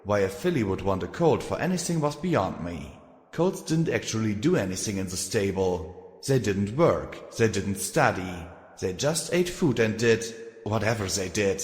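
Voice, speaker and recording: A man narrating a fan fiction audiobook in a steady, measured way. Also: lowish voice. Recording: echoey room with long reverb.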